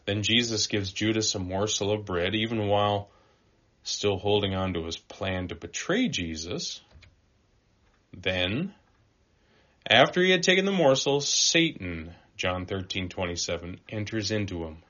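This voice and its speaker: A low-pitched man delivers a sermon in an animated way. He pushes some phrases out loud and drops others to a quiet, slow hush. The recording sounds dull and lo-fi. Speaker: preacher.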